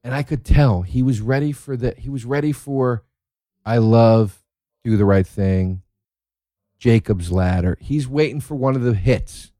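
A man's voice: mid-range voice, measured pace, mellow, dry recording, studio quality. A man telling rambling, profane stories in a casual monologue, easily worked up about the things he loves.

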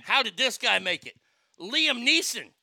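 A man with a high, gravelly, very bright voice chats casually about films as a podcast co-host. He jokes loosely and swears freely, in a dry, close-miked sound. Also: sing-song, a little slow, dry recording. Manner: loose, joking, profane. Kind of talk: casual movie banter.

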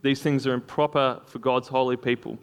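A man's voice: mid-range voice, fairly even intonation, fairly quick, clear, resonant tone. A man preaching a sermon in a conversational way, with frequent fillers and small laughs.

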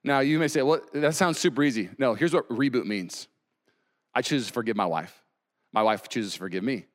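A man in his thirties preaching a sermon as pastor, animated, with sudden loud exclamations. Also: medium pitch, fairly quick.

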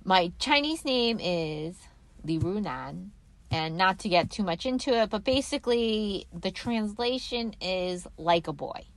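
A woman in casual podcast chat, telling a story with wry, quick asides. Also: mid-range voice, animated, no room sound.

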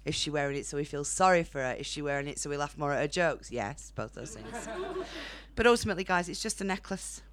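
A woman's voice: sits low, rapid-fire, few pauses. A young woman with a Northern English accent doing a blunt, chatty stand-up set on a comedy club stage, laughing at her own jokes. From Northern England.

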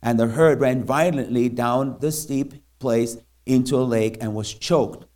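Man, missionary preacher in church; halting, filler-heavy delivery, mid-pitched voice. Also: warm tone. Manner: halting, many fillers and restarts. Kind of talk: sermon with scripture reading.

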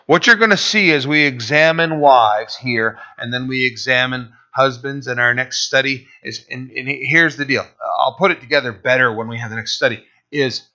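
Slow-preaching man pastor. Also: medium pitch, pushed and bright. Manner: emphatic, drawn-out preaching with rhetorical "right?". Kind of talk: sermon. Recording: dull lo-fi recording.

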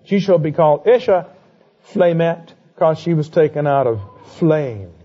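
Casual male Bible teacher, slightly high voice, playful and chatty, dull lo-fi recording. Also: lively intonation. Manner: conversational, playful asides and quick rhetorical questions. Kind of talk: Bible lecture.

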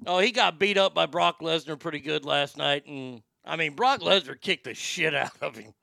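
A man's voice: on the high side, normal speed, vocal fry, pushed and bright, no echo, clean studio sound. A man hosting a show with sarcastic, profane ranting commentary and frequent stammered restarts. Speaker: podcast host.

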